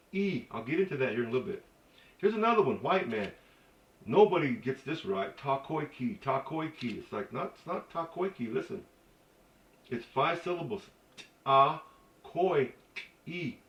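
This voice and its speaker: A man giving a casual spoken language lesson, halting with many fillers and restarts and dropping joking asides. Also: mid-range voice. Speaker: language teacher. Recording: echoey dull recording from a distance.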